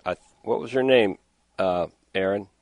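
Rambling radio host, low voice. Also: male voice, a little slow, dry recording. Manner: rambling, exasperated storytelling. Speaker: radio fishing show host. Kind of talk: casual radio talk. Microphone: studio microphone with headphones.

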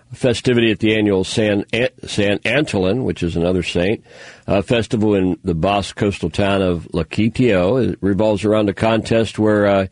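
A man with a lowish voice hosts a talk show, rambling through news stories in a casual commentary monologue peppered with sarcastic, mocking asides. There's no room sound.

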